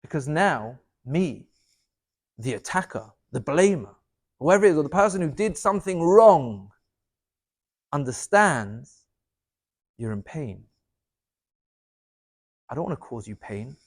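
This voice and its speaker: A man, a rabbi, giving an inspirational talk, swinging from loud, emphatic lines to soft, low asides. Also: big pitch swings, unhurried, long pauses.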